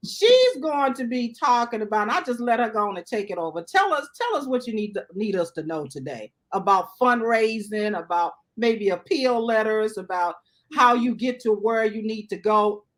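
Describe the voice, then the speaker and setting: A woman hosting a casual livestream chat. She is chatty and animated and tags her sentences with "okay?". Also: on the high side, moderate pace. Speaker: host.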